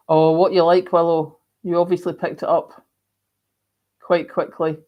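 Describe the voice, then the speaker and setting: A woman's voice: on the low side, dull audio. A woman hosting a casual live stream, chatting rambly and reading out viewer comments with lots of ums. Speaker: livestream host.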